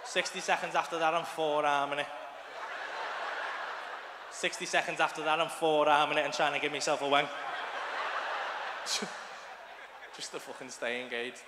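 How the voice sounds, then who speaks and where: A man's voice: on the high side, little pitch movement, moderate pace, pauses often, noisy background. A man with a Liverpool accent doing a crude, swearing stand-up routine on a comedy club stage. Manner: crude, swearing, acts out scenes in voices. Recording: live club recording with hall reverb and audience.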